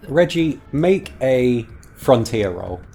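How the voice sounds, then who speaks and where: Man, game master, gravelly, lower voice, faint background music. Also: sing-song, slow, mellow. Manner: thoughtful, hesitant, many fillers. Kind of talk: narrating a tabletop game.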